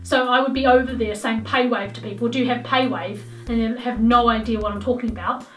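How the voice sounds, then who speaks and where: A woman's voice: on the high side, steady tone, fast talker, a bit bright. A young woman with a New Zealand accent, chatting casually to camera in a rambling way with lots of ums. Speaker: vlogger. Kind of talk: casual vlog chat. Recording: roomy echo, voice from a distance, light background music.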